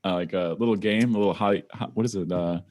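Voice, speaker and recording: A man's voice: low voice, fast, darkish tone. A man from Wisconsin hosting a podcast, chatting in a laid-back, slangy way. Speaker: podcast host. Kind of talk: casual podcast chat.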